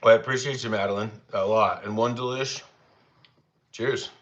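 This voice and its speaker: A young man runs a casual cooking livestream, chatting in an easygoing, rambling way with viewers at normal speed and with fairly even intonation. He talks to his dogs using a higher voice. The audio is a slightly dull lo-fi.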